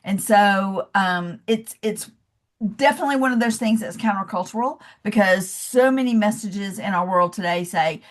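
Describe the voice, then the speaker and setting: A woman's voice: medium pitch, normal speed. A woman with a Southern US accent giving a casual, encouraging webinar presentation as a coach over a video call. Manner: chatty and encouraging, says y'all and calls listeners love.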